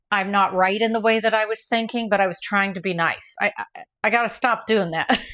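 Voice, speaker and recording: Woman vlogger, casual storyteller, rambling and self-correcting, mid-pitched. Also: fairly bright tone. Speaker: vlogger recounting her race.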